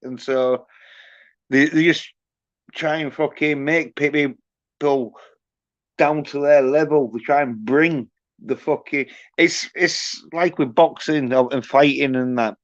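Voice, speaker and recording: A man's voice: mid-range voice, measured pace, no room sound. A man hosting a livestream, ranting with constant swearing. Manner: profane, ranting, heavy swearing. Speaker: livestream host. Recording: dull lo-fi stream audio.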